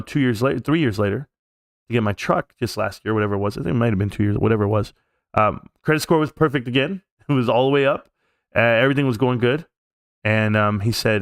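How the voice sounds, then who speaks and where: A middle-aged man hosting a live stream, telling a personal story in a casual, rambling way and getting animated at the tense parts. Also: clean tone, dry recording, studio quality. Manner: animated, jumps up in pitch when reliving tense moments.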